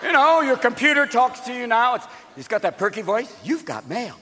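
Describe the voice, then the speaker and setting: A man performing a stand-up comedy set, manic and rapid-fire, often shouting. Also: very high voice, animated. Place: large live venue. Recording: live concert hall with audience. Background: audience noise.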